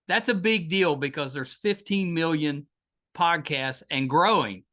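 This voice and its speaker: A man's voice: on the high side, measured pace, pushed and bright. A man with a West Virginia accent hosting a podcast interview, enthusiastic and friendly. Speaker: podcast host. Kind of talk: casual interview.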